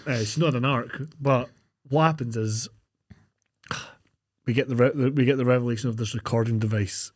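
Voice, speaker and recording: A man's voice: medium pitch, fairly even intonation, moderate pace, pauses often. A man co-hosting a podcast, recapping a film in casual chat, swearing freely and laughing through his acted-out quotes. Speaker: podcast co-host.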